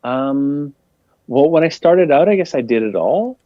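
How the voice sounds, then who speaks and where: A man's voice: on the high side, animated, a little slow, no echo. A young man, a guest comedian, rambling casually through an interview in a laid-back way. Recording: dull lo-fi dry sound.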